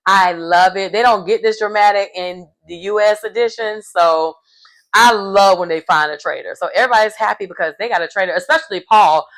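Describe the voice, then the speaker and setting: A woman's voice: medium pitch, brisk, a bit bright. A woman giving a casual, gossipy recap of a reality show, chatty and acting out quotes as she goes.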